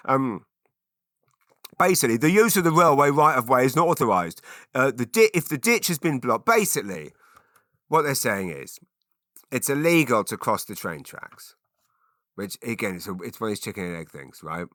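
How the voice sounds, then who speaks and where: A man rambles through a solo podcast, making self-mocking asides and restarting his sentences. His voice is bright and forceful, recorded close and dry with no room sound. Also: medium pitch, expressive, moderate pace, no echo. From Britain. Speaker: podcast host. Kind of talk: casual solo podcast monologue.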